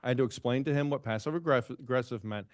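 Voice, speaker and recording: A man's voice: mid-range voice, rapid-fire, no room sound. A man speaking as a village commissioner at a public meeting, indignant and sarcastic as he recounts a dispute. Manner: indignant, sarcastic, quoting others. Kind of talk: heated public meeting remarks.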